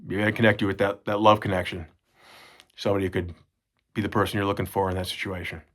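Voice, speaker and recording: A man's voice: low-pitched, flat delivery, fast talker, a bit bright. A middle-aged man, talking to his kids in an earnest, rambling way, often restarting his sentences. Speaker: father recording a message to his kids. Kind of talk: casual spoken reflection.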